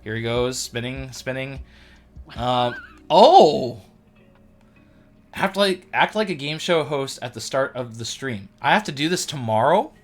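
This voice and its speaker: A man chats casually to his livestream audience in a playful, self-mocking way. His voice sits at an ordinary middle pitch. Soft music plays faintly in the background. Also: animated, unhurried. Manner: chatty and playful, with self-deprecating asides. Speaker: livestream host.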